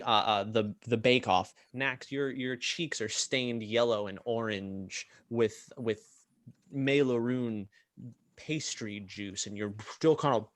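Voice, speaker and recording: A man's voice: medium pitch, no room sound, clean studio sound. A man running a tabletop role-playing game as game master, narrating scenes loosely with many fillers and restarts.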